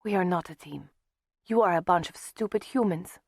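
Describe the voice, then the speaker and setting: A woman voicing a cold, furious young vampire man who shouts at his friends. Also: on the low side, moderate pace, breathy edge, no echo, clean studio sound. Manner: shouting, terse, contemptuous.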